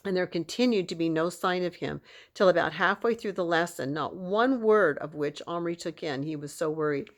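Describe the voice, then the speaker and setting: A woman's voice: lowish voice, normal speed. Woman reading a children's novel aloud. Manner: steady, expressive storytelling with a casual aside. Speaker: audiobook reader.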